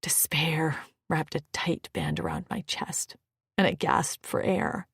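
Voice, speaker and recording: A woman's voice: sits low, big pitch swings, slow, slightly rough, dry recording, clean studio sound. A woman narrating a first-person romance audiobook with an emotional, often whispered delivery.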